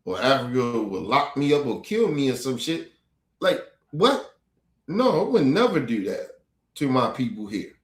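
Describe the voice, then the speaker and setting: A man's voice: medium pitch, very animated, a little slow. A man streaming a heated, profane commentary rant, repeating his points with fired-up force. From United States. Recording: roomy echo.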